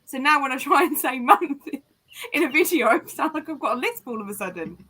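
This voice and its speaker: A woman's voice: high voice, lively intonation, brisk, bright, forceful tone. A woman with a Norfolk accent chatting casually and agreeing easily. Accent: Norfolk English. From Norfolk, England. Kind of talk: casual group chat.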